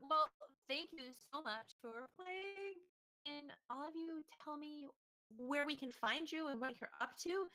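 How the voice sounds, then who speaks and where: A woman narrating a tabletop role-playing game as game master, in a lively, expressive way. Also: high-pitched, measured pace.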